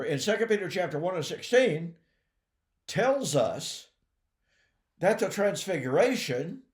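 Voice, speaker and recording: A man teaching the Bible in a high, animated voice, leaning hard on key words and addressing his listeners as folks. He talks at an unhurried, deliberate pace and clears his throat now and then. The recording carries a roomy echo. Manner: emphatic, addresses listeners as folks and ladies and gentlemen.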